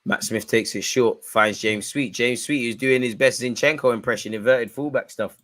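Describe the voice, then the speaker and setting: Man, watch-along host, live football commentary, animated, prone to yelling. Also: normal speed. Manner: animated, shouts at the referee, spikes in pitch and volume.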